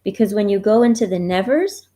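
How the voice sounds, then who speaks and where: Gentle woman coach with a mellow voice. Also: mid-range voice, lively intonation, fairly quick. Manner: gentle, reassuring, often asks the listener questions. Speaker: grief and relationship coach. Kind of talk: live-streamed walkthrough of resources. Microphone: computer mic, browser livestream.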